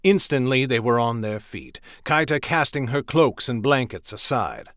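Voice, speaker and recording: Guy reading a fantasy audiobook, steady mid voice, dry no room. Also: mid-range voice, normal speed, dry recording. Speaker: audiobook narrator. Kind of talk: audiobook narration.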